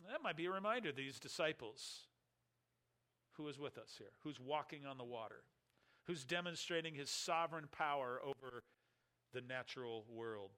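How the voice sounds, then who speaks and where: Bright-voiced man preaching a sermon. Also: medium pitch. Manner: expressive preaching, rises loud and drops quiet for emphasis; reads scripture aloud slowly and deliberately. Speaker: pastor.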